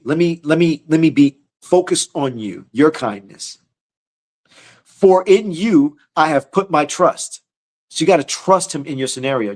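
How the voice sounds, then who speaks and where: A man teaching scripture in a casual, slangy sermon style, often repeating and restarting his words. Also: a little high. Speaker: teacher leading a scripture study.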